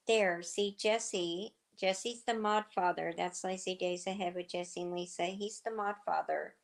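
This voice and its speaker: A middle-aged woman hosting a livestream, chatting casually and telling rambling stories with lots of fillers, her voice slightly hoarse. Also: fairly low pitch, steady tone, measured pace. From southern United States. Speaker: livestream host. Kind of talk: casual chat with viewers.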